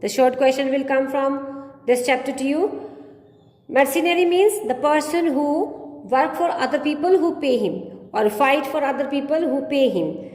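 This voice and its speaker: A woman's voice: high voice, a little slow, darkish tone. A woman with an Indian English accent, teaching an English class. She reads a story aloud and restates each line in simple words. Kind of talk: reading and explaining a story to a class. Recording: echoey room with long reverb.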